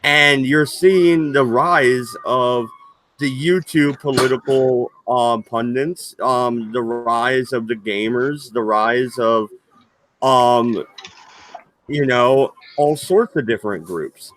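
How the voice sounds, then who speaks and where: A man co-hosting a casual livestream at a slow, unhurried pace, with a mid-pitched voice. He reads out the chat and comments on it, pausing often on hesitant ums. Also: fairly bright tone, slight background noise. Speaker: co-host reading chat.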